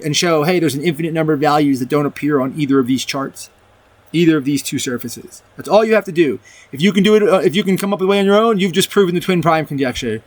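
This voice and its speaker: A math video presenter casually guides viewers through a proof in a voice on the high side, recorded with no echo. He rambles, restarts sentences often, and alternates reading from a document with loose comments.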